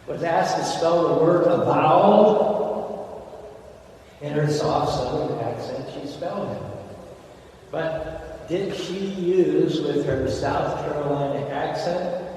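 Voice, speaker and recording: A man preaching a sermon at a temple, animated and full of rhetorical questions. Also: a little high, slight background noise. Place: temple hall. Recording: echoey hall from far off.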